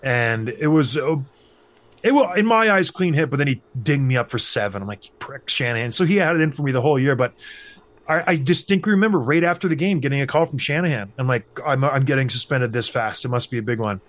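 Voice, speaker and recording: A man's voice: mid-range voice, quick pace, dry recording. A man in his thirties telling a hockey story in casual chat, acting out the voices of the people he quotes. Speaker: podcast host, former hockey player.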